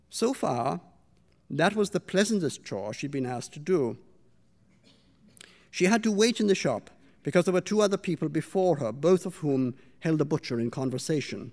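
A man reading his own fiction from a stage before an audience, slightly higher-pitched than most men. His delivery is measured and quiet, letting the story carry itself. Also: lively intonation.

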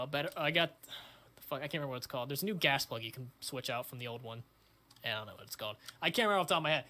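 High, bright-voiced young man swearing excitedly. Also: slight background noise. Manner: crude, excitable, swears a lot. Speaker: channel host. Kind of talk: casual vlog chat.

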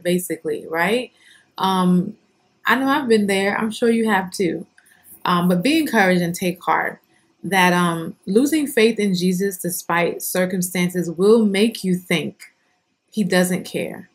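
A woman hosting a short devotional, reading scripture and reflecting on it in an earnest, unhurried way with frequent pauses and restarts. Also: medium pitch. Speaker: devotional host.

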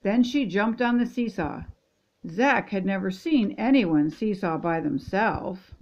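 An older woman, a grandmother reading a children's picture book aloud in gentle, steady storytelling. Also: medium pitch, unhurried, lo-fi sound. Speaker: storybook reader.

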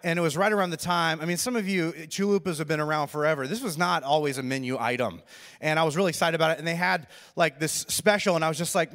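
A man's voice: fairly high pitch, quick pace. A man preaching a sermon as a pastor, telling a funny self-deprecating story in a loose, chatty way and talking straight to the crowd. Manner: animated, self-deprecating, conversational, addresses crowd directly. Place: church auditorium. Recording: reverberant hall sound.

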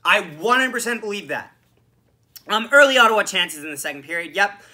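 Frustrated, sharp-voiced hockey ranter. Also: male voice, high voice, a little fast. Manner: animated, swearing, frustrated, sarcastic. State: losing his voice from screaming. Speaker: podcast host. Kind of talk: solo sports reaction rant.

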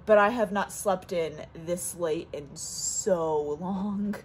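A young woman vlogs casually from the stairs at home, chatting to her camera in a rambling way packed with fillers. Her voice is on the low side and she takes her time, with slight background noise in the recording.

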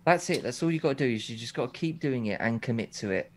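A man, chatting as a guest over a video call. He talks in a relaxed, easy way and grows keen when the talk turns to cooking. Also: mid-range voice, fast talker, a little hiss or hum. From England. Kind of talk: casual chat.

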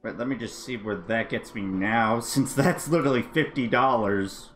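A man live-streaming a racing game, chatting casually and reacting with excitable exclamations. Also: mid-range voice, normal speed, soft background music. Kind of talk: casual live-stream chat while gaming.

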